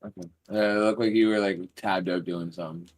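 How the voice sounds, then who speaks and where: A man's voice: low voice, steady tone, a little fast. A young man co-streaming a game, chatting casually with crude jokes. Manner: crude, joking banter. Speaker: gaming co-streamer. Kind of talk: casual chat while playing a game.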